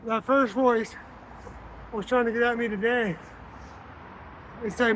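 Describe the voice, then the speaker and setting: A man's voice: very high-pitched, fairly even intonation, unhurried, long pauses, pushed and bright, slight background noise, poor audio. A man vlogging, talking bluntly and earnestly to the camera. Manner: blunt, earnest, plain-spoken. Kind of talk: casual talk to camera.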